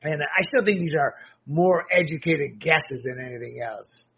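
A man's voice: a little high, normal speed, creaky, pushed and bright, slightly rough, highs cut off. An American man giving blunt, sarcastic solo commentary, often restarting his sentences. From United States.

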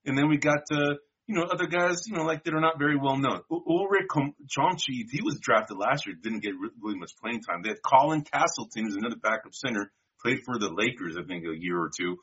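Man, husky voice, bright forceful tone, rambling casual chat, dull lo-fi recording. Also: medium pitch, animated, a little fast, few pauses. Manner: loose, rambling, calls partner dude and bro. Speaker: podcast co-host. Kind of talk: casual draft-pick chat. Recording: dull lo-fi sound.

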